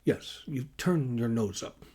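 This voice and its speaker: A man reading the part of a patient Northern European woman scientist who speaks gently and matter-of-factly, with slightly odd phrasing. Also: on the low side, moderate pace, husky.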